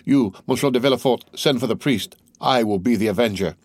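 A man's voice: medium pitch, brisk, no echo, studio quality, natural voice. A man reading the part of a grief-stricken young man who pleads and swears vengeance. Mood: accusing. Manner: impassioned, pleading.

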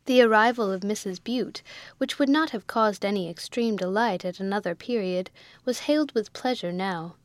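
A woman narrating a classic novel in a measured, even storytelling way. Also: mid-range voice, dry recording. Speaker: audiobook narrator.

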